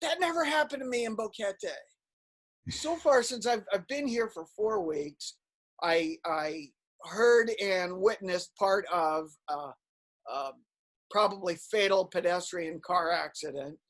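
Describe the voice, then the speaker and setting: A man's voice: high voice, measured pace, a bit bright. A man co-hosting a podcast, chatting casually and telling stories with a flippant, joking manner. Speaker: podcast co-host.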